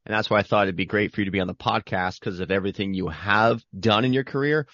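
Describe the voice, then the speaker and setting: Brief: energetic male podcast host, lower voice, dry close mic, slightly dull sound. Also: quick pace, no room sound. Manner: upbeat, energetic, rambling. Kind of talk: casual interview.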